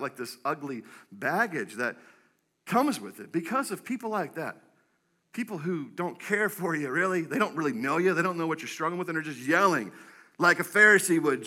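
A man preaching a sermon as pastor, telling stories with animated acted-out voices. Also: on the high side. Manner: animated storytelling, acts out quoted voices. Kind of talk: energetic sermon.

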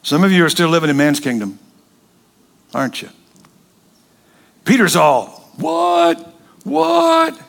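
Man, pastor, sermon, joking, animated storytelling, high-pitched. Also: moderate pace, pauses often.

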